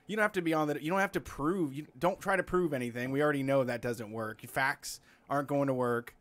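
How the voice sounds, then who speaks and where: A man's voice: medium pitch, a little fast, a bit bright. A man co-hosting a call-in show, trading blunt, profane banter. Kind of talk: casual chat.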